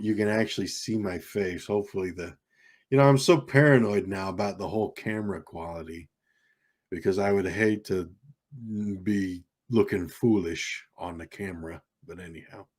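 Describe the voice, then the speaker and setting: A man's voice: lowish voice, a little mellow. Rambling man chatting on a livestream. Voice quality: rambling, many ums and uhs. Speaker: livestream host. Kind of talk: casual livestream chat. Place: home streaming setup in California. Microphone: desk microphone with keyboard behind it.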